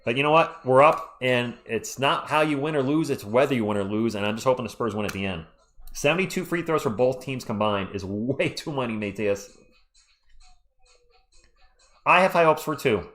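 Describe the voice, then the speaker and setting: A man, hoarse and losing his voice, doing fan play-by-play on a live stream and ranting about referee calls. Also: mid-range voice, expressive, moderate pace, fairly bright tone.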